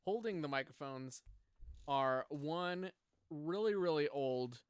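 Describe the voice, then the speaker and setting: Here the home podcast host talks animatedly and slowly in a fairly high voice that comes across smooth, with no room sound. He rambles through casual chat with many fillers, sitting close to a drum mic on a stand.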